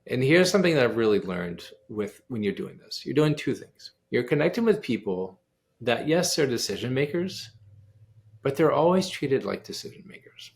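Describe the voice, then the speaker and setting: Gravelly-voiced man telling an animated story. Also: medium pitch, moderate pace. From United States. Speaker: guest pianist and composer. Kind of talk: storytelling in a casual interview.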